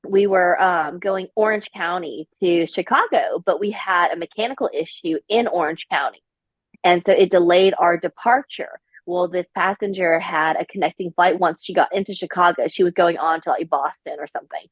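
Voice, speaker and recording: A woman's voice: fairly low pitch, normal speed, dry recording, highs cut off. A woman, a flight attendant and podcast guest, chatting casually in a rambling way full of fillers. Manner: rambling, filler-heavy storytelling. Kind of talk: casual chat.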